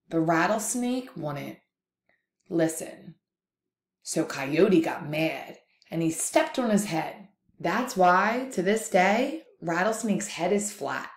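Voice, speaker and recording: A woman teacher telling a folktale aloud for a lesson, in an expressive, lively read-aloud style. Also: on the low side, takes it slowly, roomy sound. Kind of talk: storytelling for a lesson.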